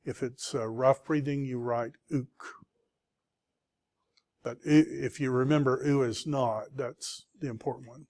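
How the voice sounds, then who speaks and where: A man's voice: mid-range voice, fairly even intonation, normal speed, hardly any pauses, a little mellow. A middle-aged man teaching a Greek vocabulary lecture to students, patiently checking in with the class as he goes.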